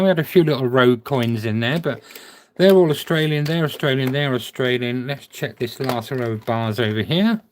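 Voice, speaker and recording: A man's voice: a little high, slight background noise. Chatty man sorting coins on a stream. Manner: chatty, thinking aloud while sorting, answers viewer chat. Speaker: coin collector streamer. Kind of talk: casual live-stream chat.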